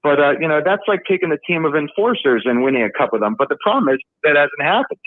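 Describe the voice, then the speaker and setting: A man's voice: fairly high pitch, expressive, fast talker, no room sound. A man calling in to a sports talk show, venting in a frustrated, emotional rant. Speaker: caller. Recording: tinny phone line.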